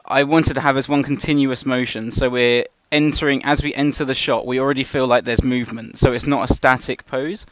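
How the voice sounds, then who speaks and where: A man's voice: medium pitch, steady tone, brisk, hardly any pauses, no room sound. A man casually talking through an animation shot as a tutor, restarting sentences as he explains. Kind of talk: live tutorial walkthrough.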